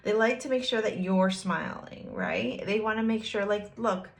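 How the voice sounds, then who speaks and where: A woman's voice: mid-range voice, big pitch swings, normal speed. A woman giving a casual tarot card reading, chatty and playful, talking straight to the viewer with frequent giggles. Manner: speaks directly to the viewer, teasing. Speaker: tarot reader.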